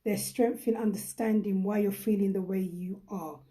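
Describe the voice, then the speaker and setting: A woman's voice: medium pitch, steady tone, normal speed, warm tone. A middle-aged woman hosting a reflective live-stream talk, speaking earnestly and repeating phrases for emphasis. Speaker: host.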